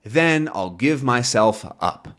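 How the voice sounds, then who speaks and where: A man's voice: mid-range voice, expressive, takes it slowly, a bit bright. A man voicing an earnest young male comic-book reporter who pleads in a raised, urgent voice. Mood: indignant.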